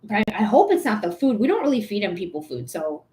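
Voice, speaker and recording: A woman's voice: mid-range voice, sing-song, fast, dark tone. A woman in her thirties hosting a livestream, chatting casually in a goofy, rambling way and laughing often. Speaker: livestream host and reader.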